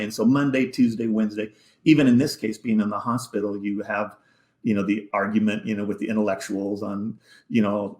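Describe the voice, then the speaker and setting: A man with a low, gravelly voice recounts a deeply personal story as a podcast guest. He speaks haltingly, doubling back on his words and at times sinking almost to a whisper. The sound is roomy and echoey. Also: darkish tone. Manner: halting, repeats words, drops to near-whisper. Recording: echoey room.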